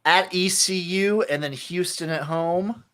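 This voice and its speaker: A man's voice: high voice, a little slow, fairly bright tone. A man co-hosting a casual sports podcast, laid-back and opinionated as he talks through college football picks. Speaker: podcast co-host. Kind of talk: casual sports betting chat.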